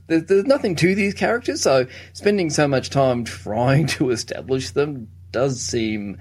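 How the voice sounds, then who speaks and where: A man's voice: mid-range voice, darkish tone. A man co-hosting a casual film review chat, wry and incredulous, often repeating words as he restarts. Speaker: film review podcast co-host.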